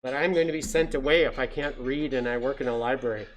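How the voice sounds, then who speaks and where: A stern, grumpy library owl from a storybook read aloud, as a man puts him on. He sounds huffy and drags his words out like a hoot. The voice sits a little higher and louder than the reader's own. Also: quick pace, lightly acted, poor audio.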